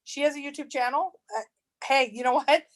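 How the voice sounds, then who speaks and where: A woman co-hosting a casual livestream chat, rambling with restarts and quick to laugh. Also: sits high, fairly even intonation. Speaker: treasure hunt channel co-host.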